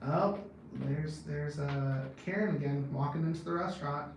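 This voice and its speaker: A man's voice: a little high, moderate pace. Man in his 30s, casual vlog rambling, blunt and profane, very echoey room, far from the mic. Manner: blunt, profane, laughs often. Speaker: vlogger. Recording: very echoey, distant from the mic, faint background noise.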